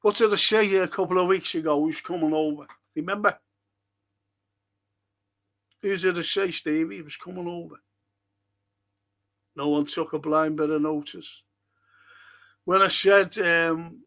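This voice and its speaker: A man's voice: on the high side, fairly even intonation, measured pace, pauses often, a bit bright. A man hosting a casual live-stream fan podcast, talking bluntly, swearing freely and reading out viewer comments. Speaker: podcast host.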